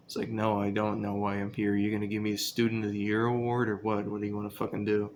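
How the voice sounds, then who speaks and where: A man's voice: fairly low pitch, level tone, fast, few pauses, slight background noise. A young man casually telling a story about his school days, rambling and profane, with lots of fillers.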